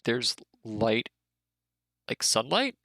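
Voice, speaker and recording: A man voicing a stern dwarf woman on watch, speaking curtly and low. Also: very animated, extremely slow, pushed and bright, no room sound, studio quality, heavily acted. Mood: brusque. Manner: curt, businesslike.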